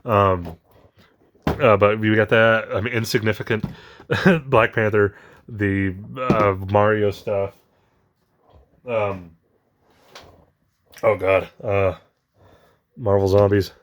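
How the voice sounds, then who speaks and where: A man's voice: fairly low pitch, steady tone, slow, pauses often. A man chatting casually while unboxing collectible toys, rambling with many fillers, his voice shaky with emotion. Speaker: toy collector vlogger.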